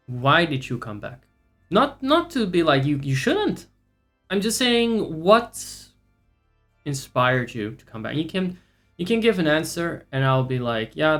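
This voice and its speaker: A man's voice: mid-range voice, a bit bright. A man streaming live and chatting casually with viewers, rambling, sarcastic and profane.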